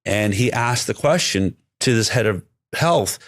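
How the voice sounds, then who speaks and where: A man with a deep, low-pitched voice talks as a guest in a conversational interview. He speaks emphatically and often breaks off and restarts his sentences. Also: lively intonation, unhurried, a bit bright, no room sound, studio quality.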